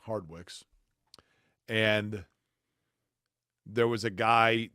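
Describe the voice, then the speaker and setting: Brief: man, co-host, somewhat low voice, animated storyteller, dry studio mic. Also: very slow, clean tone, no room sound. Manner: animated anecdotes, playful questions. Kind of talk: casual sports talk show chat.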